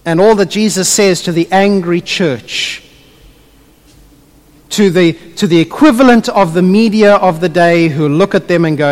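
A man preaching a sermon to a congregation. He is animated and drops his voice low when he retells a story. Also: a little slow, big-room sound. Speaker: pastor.

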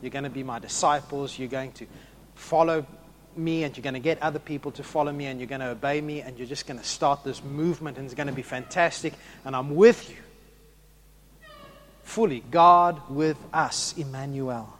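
A man preaching a sermon, swinging between loud rousing questions to the congregation and hushed, emphatic passages. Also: medium pitch, steady tone, normal speed.

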